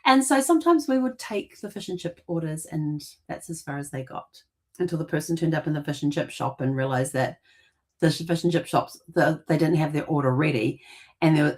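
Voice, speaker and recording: A woman's voice: low voice, brisk, a little mellow. A middle-aged woman, hosting a family history show and telling rambling childhood stories with restarts and laughter. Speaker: genealogy podcast host. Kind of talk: casual storytelling monologue.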